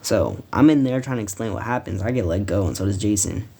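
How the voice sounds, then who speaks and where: A man's voice: on the low side, animated, quick pace, mellow, slightly rough. A teenage boy telling a story from school in a casual, rambling, profane way, with frequent restarts. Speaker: storytime vlogger.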